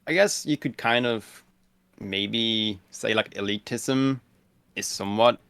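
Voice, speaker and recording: A man's voice: fairly low pitch, slow pace, creaky, fairly bright tone, smooth, no room sound. A man chatting casually on a podcast, laid-back and blunt, with many "like" fillers. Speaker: guest streamer.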